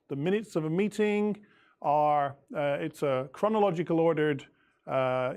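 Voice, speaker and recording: A man teacher going over the answers of an English lesson, reading example sentences slowly and deliberately and marking rising and falling tones. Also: a little high, darkish tone.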